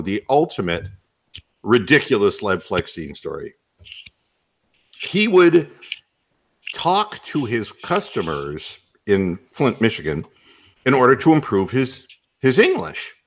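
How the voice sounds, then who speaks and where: Male radio host, wildly swinging pitch, jokey anecdotes, laughs a lot. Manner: animated storyteller, laughs often. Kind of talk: comic radio chat.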